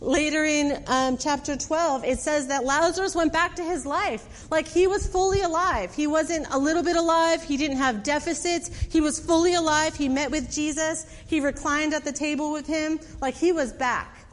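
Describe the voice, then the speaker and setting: Woman preacher, high voice, conversational sermon storytelling, church hall reverb, faint noise. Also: moderate pace, hardly any pauses. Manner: conversational, fillers and acted quotes.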